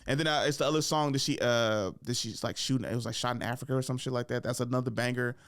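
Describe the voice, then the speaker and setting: A man hosting a podcast, slangy and profane, telling animated stories and acting out quotes. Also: medium pitch, fast, clear, resonant tone, no room sound, clean studio sound. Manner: animated storytelling, acts out quotes and drops into whispers. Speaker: podcast host. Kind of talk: casual podcast chat.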